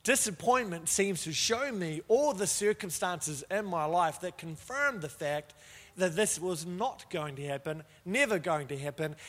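A man's voice: sits high, a bit bright. A man preaching a sermon as pastor, telling stories with humorous, self-deprecating asides. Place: church. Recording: long reverb of a church hall.

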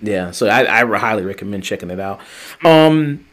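A man co-hosting a podcast, chatting casually about TV shows in a rambling, animated way, full of fillers, restarts and swearing. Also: lowish voice, normal speed. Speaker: podcast co-host. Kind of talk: casual review chat.

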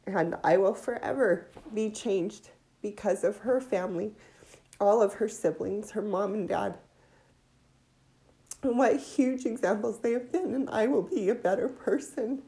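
A woman giving an emotional religious testimony, near tears, heartfelt and halting. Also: mid-range voice, gravelly, mellow.

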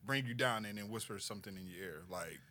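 A man co-hosting a casual chat, easygoing and relaxed, sometimes trailing off into soft mumbles. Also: on the low side, quick pace. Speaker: podcast co-host.

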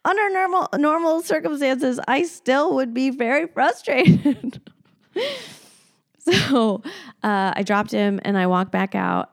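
A woman hosting a podcast alone, telling a story in casual chat, animated and blunt, laughing often and swearing freely. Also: on the high side, creaky. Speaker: podcast host.

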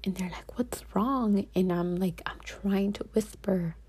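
A young woman recounts her own story in a casual vlog, her voice dark and mellow with a husky edge. She speaks softly and often slips into a hushed whisper. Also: lowish voice, flat delivery, moderate pace. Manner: soft-spoken, slipping into whispers. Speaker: vlogger.

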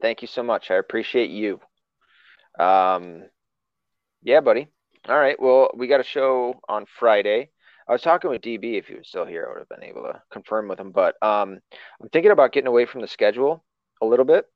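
A man's voice: mid-range voice, lively intonation, a little fast, no echo, muffled recording. A man hosting a casual podcast chat, loose and profane, laughing often. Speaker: podcast host.

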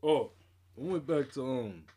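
A man's voice: mid-range voice, animated, measured pace, warm tone, slightly rough. A man co-hosting a podcast, laid back and chatting casually about hip hop, saying yeah and yo a lot. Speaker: podcast co-host.

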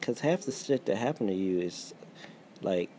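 A man's voice: fairly low pitch, expressive, normal speed, warm tone, a little hiss or hum. A man co-hosting a casual chat with his wife, blunt, swearing freely and laughing often. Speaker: podcast co-host.

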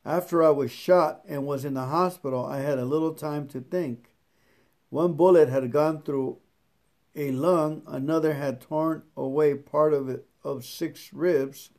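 A man slowly reads a devotional book aloud, repeats scripture verses, and adds his own halting comments. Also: fairly high pitch, steady tone, a little mellow. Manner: slow, deliberate reading that repeats scripture verses. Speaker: truck driver reading a devotional book aloud. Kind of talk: devotional reading with personal comments.

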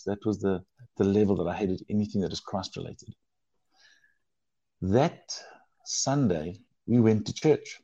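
Earnest man, low and dark. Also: lively intonation, moderate pace, pauses often, slightly rough, dry recording, highs cut off. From South Africa. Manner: earnest, emotional storytelling with restarts. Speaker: guest telling his testimony. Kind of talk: personal testimony in conversation.

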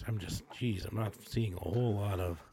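A man co-hosting a casual chat, rambling with many pauses and fillers. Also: fairly low pitch, noisy background. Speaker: podcast co-host.

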